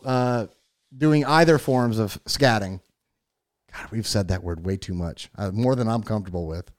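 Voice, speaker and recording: A man's voice: fairly low pitch, moderate pace, darkish tone. A man co-hosting a podcast, bantering in a joking, profane way. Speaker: podcast co-host. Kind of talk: casual chat.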